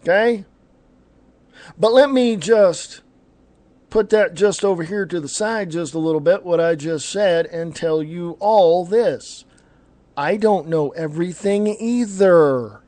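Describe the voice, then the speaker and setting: A man's voice: high voice, slow, dark tone, no room sound. A man hosting an online talk radio show, ranting bluntly and combatively and stopping now and then to correct himself.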